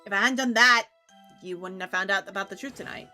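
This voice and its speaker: A woman voicing a wise, sly old male Pomeranian dog in a video game, calm and knowing as he explains. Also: mid-range voice, fast, faint music behind, pitched below the performer's own voice. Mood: explaining.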